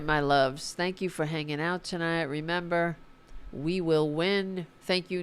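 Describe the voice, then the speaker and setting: Low-voiced, slow-talking woman livestream host. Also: a bit bright, smooth. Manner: informal and profane, fired-up about politics. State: tired. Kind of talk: casual livestream sign-off, reading chat.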